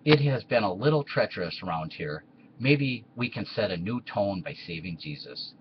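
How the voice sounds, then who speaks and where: A man's voice: on the low side, animated, normal speed, lo-fi sound, noisy background, close to an everyday voice. A man voicing Tiberius as a blunt, practical Roman ruler in a comedy skit.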